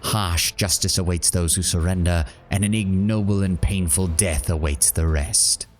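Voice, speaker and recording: A man's voice: sits low, fairly even intonation, normal speed, faint music behind, close to an everyday voice. A man voicing a ruthless, self-righteous female rogue trader who declaims her orders in a tabletop role-playing game. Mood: imperious. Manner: imperious, declaiming.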